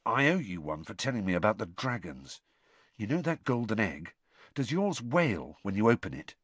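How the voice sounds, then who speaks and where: A man voicing a friendly older teenage boy who speaks low and confidingly, with small hesitations. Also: sing-song, a little slow, breathy edge, no room sound. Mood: confiding hushed. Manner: hushed, confiding, hesitant fillers.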